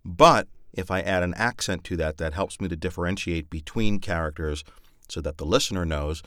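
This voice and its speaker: Male narrator, deep low register, casual rambling podcast talk, dry close sound. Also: moderate pace, a bit bright, no echo. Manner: thoughtful, rambling with many fillers. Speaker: audiobook narrator.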